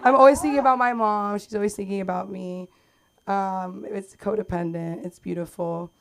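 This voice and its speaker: A woman's voice: mid-range voice, steady tone, normal speed, creaky. A young woman doing a stand-up set on a comedy club stage, chatty and rambling, acting out quotes. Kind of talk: stand-up set at an open mic. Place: comedy club stage under bright lights.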